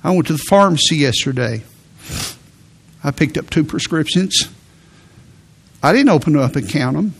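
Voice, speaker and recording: A man's voice: fairly high pitch, lively intonation, moderate pace, creaky, long pauses, slightly rough. A middle-aged male pastor preaching a sermon in an earnest, emphatic way, with sudden rises for emphasis.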